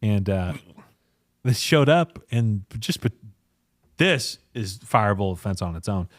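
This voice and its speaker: A man's voice: lowish voice, measured pace, no room sound, studio quality. A man hosting a podcast, telling stories in a casual chat with lots of laughter and acted-out voices of the people in them. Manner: animated, laughs often, acts out quoted people in a raised voice. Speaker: podcast host, company founder.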